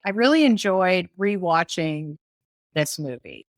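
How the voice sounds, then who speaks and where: A woman's voice: lowish voice, very animated. A woman chats casually as a podcast co-host, often restarting her sentences and laughing along. She is recorded dry and close with no room echo. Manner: chatty, halting, laughs often. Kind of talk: casual chat.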